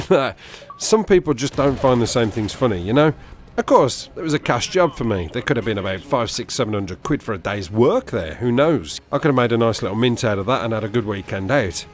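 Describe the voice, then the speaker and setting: A man's voice: medium pitch, slight background noise. A young man telling a personal anecdote over gameplay, as a gaming video host. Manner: animated, quick anecdotal storytelling.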